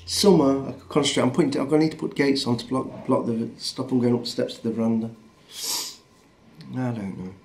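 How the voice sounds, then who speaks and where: A man's voice: mid-range voice, fairly even intonation, brisk, a little mellow, a little hiss or hum. A middle-aged man with a Northern English accent, rambling in a casual, blunt and sweary vlog. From Northern England. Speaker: vlogger. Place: rural home in a small town.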